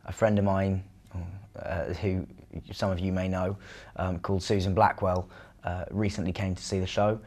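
A young man talks straight to camera for a video diary, relaxed and halting, with plenty of pauses. His voice sits a little low, and the sound is clean and close. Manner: relaxed, halting, many fillers. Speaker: video diarist. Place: theatre dressing room.

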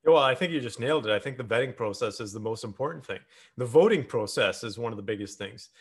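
A man hosting a casual conversation, telling stories in a lively, blunt way and acting out the dialogue as he goes. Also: medium pitch, quick pace, breathy edge. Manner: lively anecdotal storyteller, blunt, acts out dialogue. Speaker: host.

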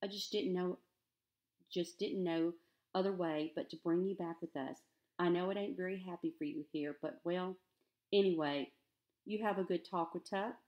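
A woman's voice: lowish voice, fairly even intonation, moderate pace, highs cut off, close to an everyday voice. A woman reading as a shy, kindly old farm wife. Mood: gentle. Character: kindly, awkward older farm woman, plain-spoken.

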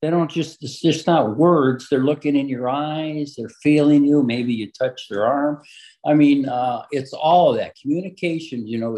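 A man's voice: medium pitch, darkish tone, rough recording. A man speaking in an interview, giving plain-spoken, emphatic advice and repeating his key points. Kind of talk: earnest conversational advice.

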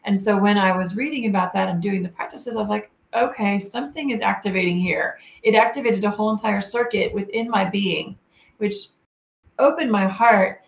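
A woman's voice: medium pitch, normal speed, gravelly. A woman telling a personal story in a casual, earnest way, quoting her own thoughts. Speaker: co-host telling a shared story. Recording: echoey room.

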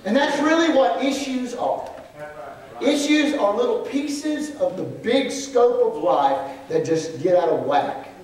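A man delivers a sermon with lively intonation and an unhurried pace, rising to emphatic shouts before sinking low into quiet asides and crying "well, glory." Captured far from the mic in an echoing sanctuary, it carries the congregation's amens in the background.

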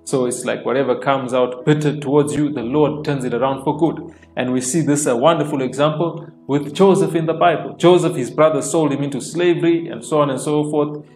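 A man preaching an informal online sermon, repeating phrases and dropping in frequent amens, slowing down to stress key lines. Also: fairly high pitch, fairly even intonation. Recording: echoey room with soft worship music.

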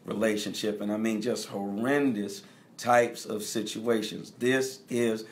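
A man's voice: lowish voice, steady tone, unhurried. A middle-aged man preaching as a bishop, speaking directly to his congregation and repeating key phrases for emphasis. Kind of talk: teaching sermon.

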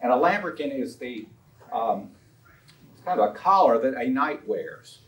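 An animated man with a medium-pitched voice talks at normal speed through an illustrated lecture about a historical collection. He tells anecdotes in a chatty way, often saying um and uh. A far-off mic gives the recording a roomy sound.

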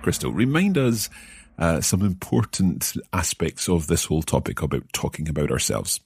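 A man's voice: low voice, sing-song, normal speed, gravelly, slightly rough. A Scottish man co-hosting a podcast language lesson as the learner, often hesitating and repeating words while he thinks. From Scotland.

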